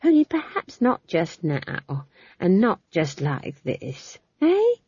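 A woman's voice: fairly low pitch, huge pitch swings, slow, a little mellow, slightly rough, dry recording, dull audio, exaggerated voice. A woman reading an audiobook, voicing a cheerful, earthy old witch woman who coaxes and soothes. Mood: coaxing. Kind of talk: audiobook character voice.

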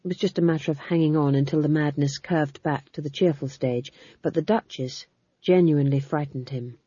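A woman narrating an audiobook with measured, expressive storytelling, in a dull lo-fi recording. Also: sits low, breathy edge, dry recording. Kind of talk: scripted narration.

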